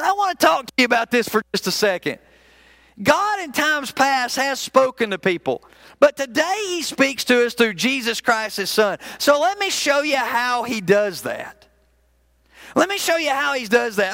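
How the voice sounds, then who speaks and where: Male minister, high gravelly voice, bright tone, folksy conversational sermon delivery. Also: dry recording. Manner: folksy, conversational storytelling with frequent restarts. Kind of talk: sermon with storytelling.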